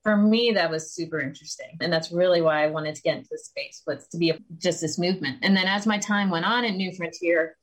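A woman's voice: lowish voice, fast, few pauses, rough recording. A woman in her thirties, a guest in a conversational interview, chatty and self-deprecating, often quoting herself. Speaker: podcast guest, communications strategist.

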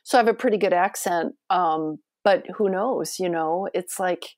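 A woman cookbook author and cooking teacher, talking in an expressive, enthusiastic way in a podcast interview. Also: on the low side, moderate pace, no room sound, clean studio sound. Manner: chatty, expressive, enthusiastic storytelling.

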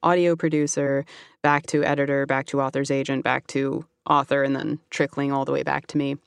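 A woman, an audiobook narrator and author, chatting quickly as a guest with many fillers. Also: a bass voice, little pitch movement, creaky, smooth, no echo. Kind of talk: casual interview chat.

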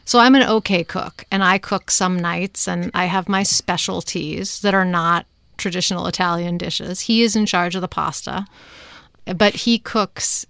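A middle-aged woman with a gravelly yet smooth, clear voice. She talks in a lively way and laughs often as an interview guest. The sound is dry and close. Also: lowish voice, no echo. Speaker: guest, co-founder.

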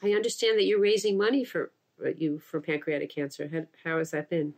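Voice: mid-range voice, steady tone, a little fast. A co-host chatting casually, reflective and fond of paired phrases. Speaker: podcast co-host. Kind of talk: casual conversational chat.

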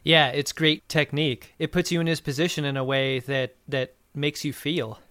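A man with a thin, reedy voice, a little high, chats casually and playfully as a podcast co-host. The close mic is dry, with no room sound. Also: steady tone, normal speed, fairly bright tone, no echo. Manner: playful, riffing and recapping.

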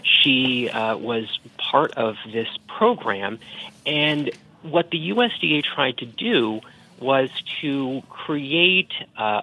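A man with a Boston accent, a book editor explaining history in an interview with many pauses and fillers. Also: medium pitch, creaky, bright, forceful tone, rough recording. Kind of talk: radio interview.

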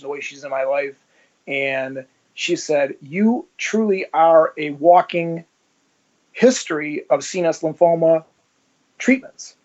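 A man's voice: fairly high pitch, muffled recording. A man, a former police officer, being interviewed and telling his story in a conversational way, acting out the dialogue. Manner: animated, acts out dialogue in his stories.

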